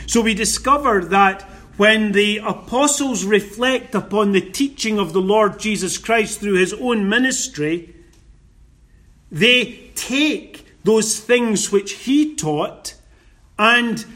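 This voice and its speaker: A man preaching a sermon, quoting scripture and stressing his points with slow emphasis. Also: sits high, a bit bright.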